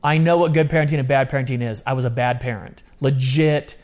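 A man in his forties co-hosting a podcast, talking candidly and earnestly in quick bursts. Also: mid-range voice, fairly even intonation. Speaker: podcast co-host. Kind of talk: candid conversational podcast talk.

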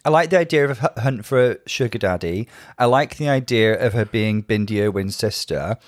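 A man's voice: fairly low pitch, a little fast, dry recording. Man, podcast co-host, chatty and thoughtful, dry close sound. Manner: chatty, gives reasoned opinions. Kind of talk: casual chat reviewing a drag show.

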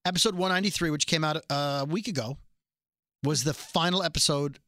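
A bright, chatty man co-hosting a podcast, talking fast and a little scattered, now and then reading a passage aloud. His voice sits on the higher side and sounds crisp and forward. The recording is close and dry. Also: no echo. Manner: quick, chatty, reads aloud from a letter. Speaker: podcast co-host. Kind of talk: casual chat.

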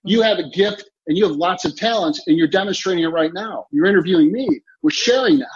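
A man's voice: high voice, fast talker, muffled recording. A man giving a motivational interview as a time coach, talking emphatically and repeating key phrases. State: clearing throat, choked up.

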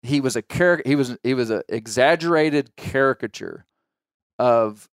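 A man with an Ozark Arkansas accent hosts a casual podcast chat, spinning long, animated tangents. His voice is smooth and resonant, close and dry with no room sound. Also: mid-range voice, a little slow, dry recording. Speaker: podcast host.

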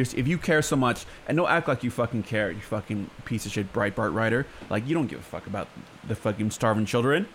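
A man's voice: fairly low pitch, fast talker, a bit bright, a little hiss or hum. Profane stammering young man ranting. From San Francisco. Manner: profane, exasperated, stammering rant. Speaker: radio host. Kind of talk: ranting radio commentary. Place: radio studio.

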